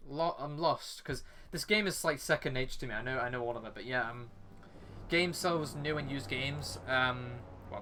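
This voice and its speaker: A man's voice: medium pitch, pushed and bright, slight background noise. Chatty British guy streaming a game. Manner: rambling, chatty, lots of fillers and restarts. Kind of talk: casual chat while gaming. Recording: faint background music.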